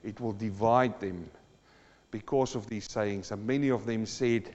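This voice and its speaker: A man preaching a sermon as pastor, moving between low, earnest talk and loud, fervent declarations. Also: measured pace, big-room sound, dull audio. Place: church.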